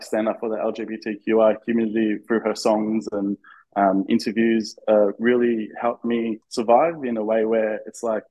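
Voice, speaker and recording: A fairly low, slightly mellow male voice comes through with the high frequencies cut off. The speaker, an Australian fan guesting on a podcast, shares a casual story with nervous eagerness, stumbling through fillers and restarts.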